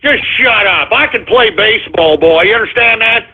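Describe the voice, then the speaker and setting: A man hosting a radio show, ranting and yelling insults at callers. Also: sits high, animated, moderate pace, breathy edge. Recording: tinny phone-quality line.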